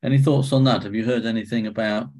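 A man with a somewhat low voice leads a small Bible study group. He talks in a hesitant, searching way, full of ums and restarts as he draws answers from the group. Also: fairly even intonation, fast talker, a little mellow. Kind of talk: leading a group discussion.

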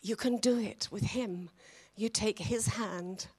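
A woman leading a church meeting, gently encouraging the people to share their testimonies. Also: medium pitch, takes it slowly, husky. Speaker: meeting leader. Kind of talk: church exhortation.

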